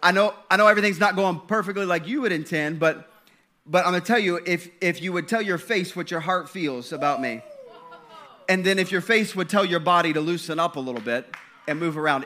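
Bright-voiced man preaching with rising fervor. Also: fairly high pitch, lively intonation, a little fast. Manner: conversational preaching with repeated restarts, rising to fervent. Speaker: pastor. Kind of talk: sermon.

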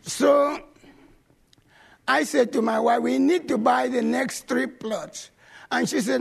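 A male pastor telling stories in a sermon, animated and swinging from loud bursts to low asides. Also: takes it slowly, vocal fry, long pauses, husky. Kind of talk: sermon storytelling.

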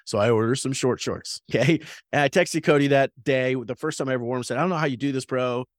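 A man's voice: medium pitch, quick pace. A man co-hosts a podcast in easy, casual chat. He tells stories with plenty of laughter, and his voice rises and falls a lot. The sound is dry and close, with no room echo. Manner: animated storyteller, laughs often. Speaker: podcast co-host.

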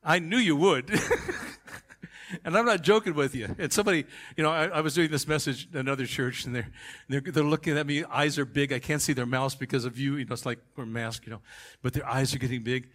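A male pastor preaching a sermon, emphatic, swinging from quiet asides to shouted climaxes. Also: mid-range voice, steady tone, quick pace.

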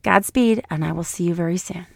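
A middle-aged woman hosting her own podcast, speaking hoarsely after an illness in a raw, blunt and heartfelt monologue. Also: on the low side, a little fast, no room sound, clean studio sound. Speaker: podcast host.

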